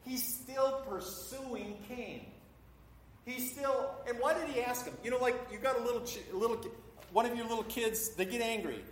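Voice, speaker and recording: A high-pitched middle-aged man preaches a sermon in a church hall, and his voice carries a long reverb around the room. He often acts out the voices in his stories. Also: moderate pace, slight background noise. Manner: acts out voices in quotes, talks with a congregation. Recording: echoey hall.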